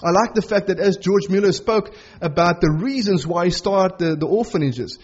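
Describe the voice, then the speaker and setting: Middle-aged male preacher, husky and a touch high, earnest, stretches key lines; muffled lo-fi capture. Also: darkish tone. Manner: earnest, conversational preaching with dramatic slowdowns on key phrases. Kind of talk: sermon.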